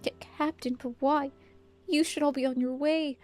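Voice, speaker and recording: A woman's voice: high-pitched, fairly even intonation, moderate pace, a little mellow, dry recording, soft background music, voice pushed up, close to an everyday voice. A woman voicing a loyal, proud young male rebel soldier with an earnest, defiant manner.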